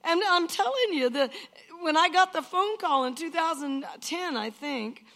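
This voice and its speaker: A woman's voice: extremely high pitch, animated, unhurried, sharp tone. An older woman giving an emotional personal testimony in an earnest, emphatic way, often repeating phrases.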